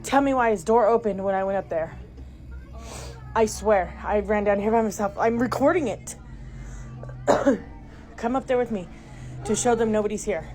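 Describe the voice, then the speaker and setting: A woman's voice: medium pitch, normal speed, long pauses, a little mellow. A middle-aged woman filming inside her house on a phone, talking urgently to viewers, frightened and dropping to whispers. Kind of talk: handheld home video talking to viewers. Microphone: phone camera. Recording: home phone video with clear background noise.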